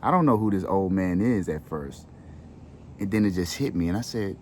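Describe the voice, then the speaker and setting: Earnest, low-pitched man for a heartfelt monologue, casual slang, light background hum. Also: expressive, moderate pace, a little mellow. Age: adult with children. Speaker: wellness channel host. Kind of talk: heartfelt personal storytelling.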